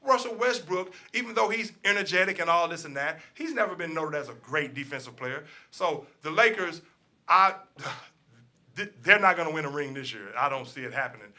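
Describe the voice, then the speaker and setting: A man with a high, sharp, very bright voice, hosting a sports talk show. He rants his opinions hard, swears freely and circles back to the same points. His delivery is heated and talky. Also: lively intonation, normal speed. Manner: opinionated, ranting, profane, repeats himself.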